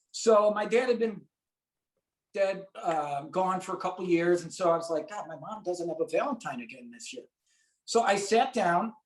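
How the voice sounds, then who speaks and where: A man from St. Louis telling a personal story as an interview guest, acting out the voices of people he quotes. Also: high-pitched. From St. Louis, USA. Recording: roomy echo.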